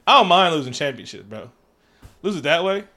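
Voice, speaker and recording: Loud, profane man riffing on a movie. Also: fairly high pitch, a little fast. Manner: loud, profane, joking, animated retelling. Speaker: podcast co-host. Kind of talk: casual chat recapping a movie.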